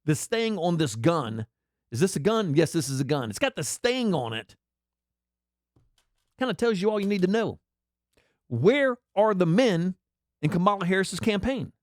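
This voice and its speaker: A man's voice: sits high, no echo, clean studio sound. A man delivering a sarcastic, mocking political commentary rant. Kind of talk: ranting commentary.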